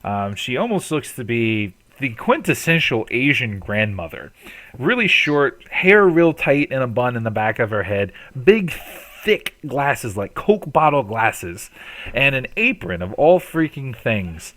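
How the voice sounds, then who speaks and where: A man running a tabletop role-playing session, describing scenes in a loose, profane, rambling way. His pitch moves around a lot and the sound is dry and close. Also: sing-song, measured pace, a bit bright, no room sound. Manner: loose, profane, with frequent ums and likes. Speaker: game master. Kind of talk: narrating a tabletop game.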